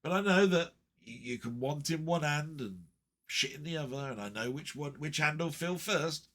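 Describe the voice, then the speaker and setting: A man's voice: on the high side, normal speed, fairly bright tone. A middle-aged man talking casually and rambling to camera about his week, heartfelt, with many fillers and restarts. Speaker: vlogger.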